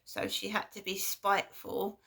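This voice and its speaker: Gravelly woman, aggrieved vlog monologue. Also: medium pitch, monotone, pushed and bright. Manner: halting, repeats herself, aggrieved. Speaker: vlogger. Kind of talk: casual personal monologue.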